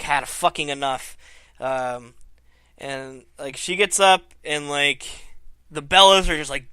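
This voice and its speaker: A man casually reviewing a wrestling show, swearing freely and retelling the action with animated energy. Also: on the high side, clean tone, no echo. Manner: profane, animated storytelling. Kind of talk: casual commentary.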